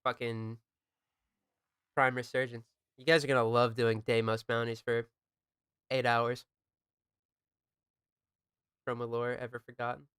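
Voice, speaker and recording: Crisp bright-voiced young man streaming. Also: medium pitch, little pitch movement, unhurried, pauses often, no echo, clean studio sound. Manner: laid-back, swears often, jokes with chat. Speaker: game streamer. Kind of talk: casual chat while gaming.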